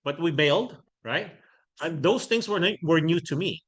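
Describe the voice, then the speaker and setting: A middle-aged man leads a workshop in a bright, fairly high voice. He talks to the room casually, checks in with "right?" after his points, and acts out sample doorstep lines. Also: animated, normal speed. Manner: conversational, keeps checking in with "right?". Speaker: real estate trainer. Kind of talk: workshop teaching.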